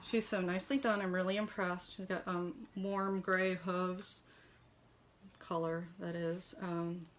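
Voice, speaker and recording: A woman's voice: fairly low pitch, little pitch movement, slow, a little hiss or hum. A woman chatting casually from her kitchen as she reviews a collectible model horse, gushing, with lots of fillers. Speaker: toy shop owner reviewing a model horse. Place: home kitchen.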